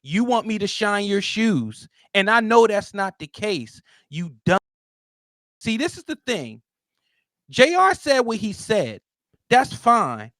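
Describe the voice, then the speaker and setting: A man with a notably high voice holds forth as a podcast guest, emphatic and blunt, pushing his points loudly. He is recorded close on a dry studio mic. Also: very animated, slow, no room sound. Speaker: guest commentator. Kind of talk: heated podcast talk.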